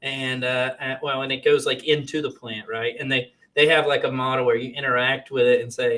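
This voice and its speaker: A man's voice: mid-range voice, fairly even intonation, fairly quick, hardly any pauses, pushed and bright. Hesitant man hosting a conversation. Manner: hesitant, many restarts and fillers. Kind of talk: casual conversation.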